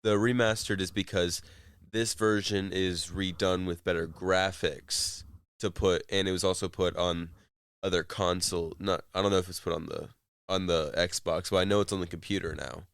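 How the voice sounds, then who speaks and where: A man's voice: low voice, fairly even intonation, moderate pace, fairly bright tone, clear, resonant tone, dry recording. A man co-hosting a casual chat show, rambling through a story with fillers. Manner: rambling retelling with fillers and laughs. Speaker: co-host.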